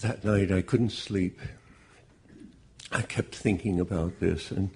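A bereaved father giving personal testimony, speaking in a slow, measured, deeply earnest way with a gravelly, husky voice. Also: fairly even intonation, darkish tone, slight background noise.

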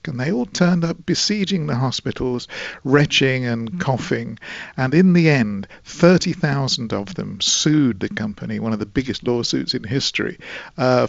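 A man tells a long story as an interview guest, measured and wry with a dry humour. His voice is gravelly with some fry. The recording is dull and lo-fi, with a dry sound and no room echo. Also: medium pitch.

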